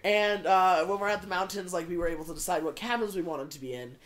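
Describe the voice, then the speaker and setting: A young man in his late teens tells a meandering story during a relaxed livestream chat. His voice is bright and forward, and he keeps padding his sentences with ums and likes as he goes. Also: sits high, fast. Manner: rambling storyteller with many fillers. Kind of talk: casual chat.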